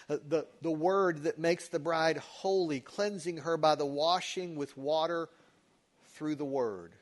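A middle-aged man, preaching a sermon as a pastor and telling stories with quick asides that shift between loud and quiet. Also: fairly high pitch.

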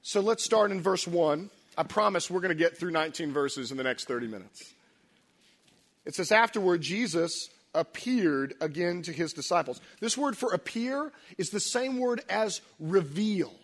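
A middle-aged pastor with a high voice preaching a sermon. He tells stories with feeling and often drops to soft, almost whispered lines. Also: lively intonation, moderate pace. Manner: emotional, storytelling, quiet dips into near-whisper.

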